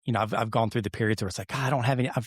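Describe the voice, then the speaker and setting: A man's voice: on the low side, steady tone, racing, breathy edge, no echo. Candid man guest, dry close sound. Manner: candid, reflective, rambling storyteller. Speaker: interview guest. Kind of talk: casual interview chat.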